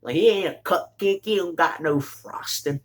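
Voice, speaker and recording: A man casually recapping an anime, rambling with lots of fillers and restarts and bursts of excitement. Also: high voice, moderate pace.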